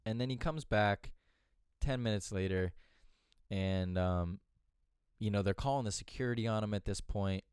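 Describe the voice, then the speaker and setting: Male podcast host, low smooth voice, candid and profane, rambling storyteller. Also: normal speed, pauses often, darkish tone, dry recording, studio quality.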